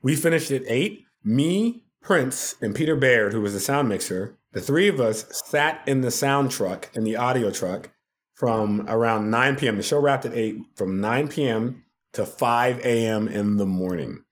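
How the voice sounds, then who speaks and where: Man, guest storyteller, animated, laughs a lot, mid-range voice. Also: medium pitch, a little slow. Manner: animated, laughs often while telling stories. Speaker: podcast guest, television producer. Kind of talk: casual storytelling.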